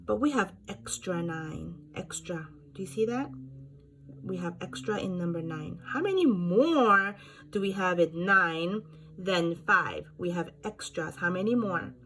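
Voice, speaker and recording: A woman teacher giving a slow, patient math lesson to young children, counting aloud and chanting rhymes. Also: on the low side, lively intonation, a bit bright. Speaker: kindergarten teacher.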